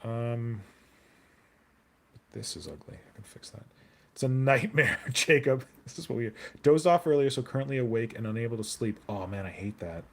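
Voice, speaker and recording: At a normal speed and medium pitch, an animated man hosts a hobby live stream. He rambles and jokes casually while answering comments from viewers aloud.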